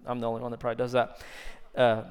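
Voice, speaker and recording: A man giving a sermon as pastor. He stretches key words for emphasis and sometimes drops to soft, intimate tones. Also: mid-range voice, monotone, racing, clear, resonant tone. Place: church sanctuary. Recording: long church reverb.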